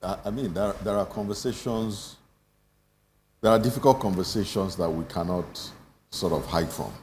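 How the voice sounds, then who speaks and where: Very deep-voiced man, measured. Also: a little mellow, slight background noise. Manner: hesitant, measured, restarts phrases. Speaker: panel guest. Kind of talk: panel discussion.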